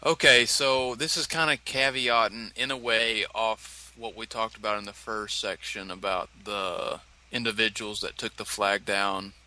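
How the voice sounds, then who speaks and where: Man, casual co-host, bright sharp tone, rambling, lots of fillers. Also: on the low side, fairly even intonation, measured pace, few pauses, rough recording. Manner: rambling storytelling with filler words. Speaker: podcast co-host. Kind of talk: casual chat.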